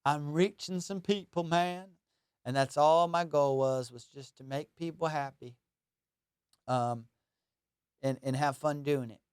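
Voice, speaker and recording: A young man chats loosely and jokily on his own comedy podcast, high and rambling from one thought to the next. His voice is smooth and resonant at a middle pitch, and the sound is close and dry with no room around it. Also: fairly even intonation, measured pace, long pauses, dry recording. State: high on cannabis. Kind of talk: casual solo podcast chat.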